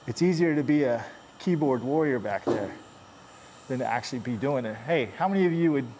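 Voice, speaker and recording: Guy doing dent repair and talking casually, jokey and chatty, faint background hum, mid-pitched voice. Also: lively intonation, brisk. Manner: joking, chatty, grumbles under his breath. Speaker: paintless dent repair technician. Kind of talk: casual running commentary while working.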